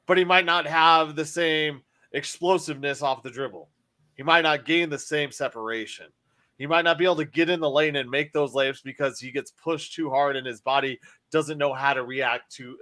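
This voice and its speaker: A man's voice: mid-range voice, pushed and bright. A man hosting a casual sports podcast, rambling and emphatic, often restarting his sentences. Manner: rambling, self-correcting, emphatic. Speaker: podcast host.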